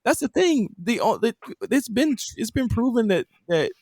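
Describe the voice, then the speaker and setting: A lively man hosts a casual podcast chat, his mid-pitched voice swinging widely up and down. He talks loosely in slang and laughs often, and the recording is dry and close. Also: moderate pace, no echo. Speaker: podcast host.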